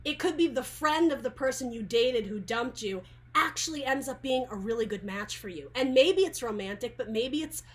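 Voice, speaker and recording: Chatty higher-voiced woman tarot reader. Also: lively intonation, moderate pace. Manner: chatty and rambling, with many restarts and asides. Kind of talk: casual tarot reading to camera.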